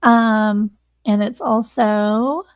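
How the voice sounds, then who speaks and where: A woman's voice: fairly high pitch, very slow, no room sound. A woman hosting a livestream, earnestly thanking viewers and close to tears. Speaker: livestream host. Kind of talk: casual livestream sign-off.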